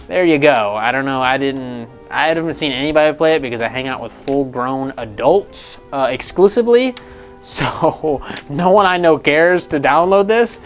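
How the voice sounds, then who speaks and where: Male gaming-news host, higher-pitched, swears freely, rambles and laughs, faint music underneath. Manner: profane, animated, laughing, rambling. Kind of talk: casual gaming news commentary.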